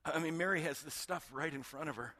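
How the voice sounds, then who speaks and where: A middle-aged male pastor preaching a sermon, retelling a story with hushed moments and emphatic build-ups. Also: on the high side, brisk. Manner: animated storytelling, swings between hushed and emphatic.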